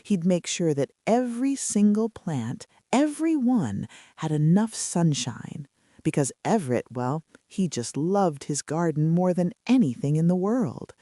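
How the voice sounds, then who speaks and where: A woman narrating a bedtime story in a soft, chatty way with casual fillers. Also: fairly low pitch, very animated, a little slow, no echo, studio quality.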